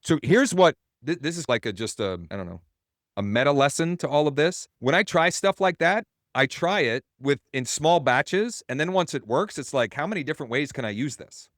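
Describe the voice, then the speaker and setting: A man's voice: on the high side, lively intonation, normal speed, fairly bright tone, dry recording, studio quality. A man coaching real estate agents in a webinar, telling a story in a casual, rambling way and correcting himself as he goes.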